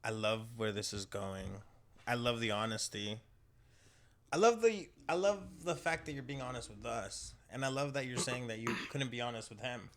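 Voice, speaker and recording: A man's voice: medium pitch, normal speed, fairly bright tone. A man hosting a casual podcast chat, joking around and steering the conversation. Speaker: podcast host. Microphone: podcast mic at a table.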